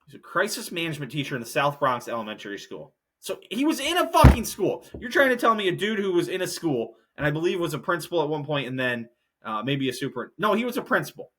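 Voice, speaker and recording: A man's voice: a little high, very animated, fast talker, fairly bright tone. A young man hosting a solo podcast, ranting in a heated, profane, rambling way. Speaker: podcast host.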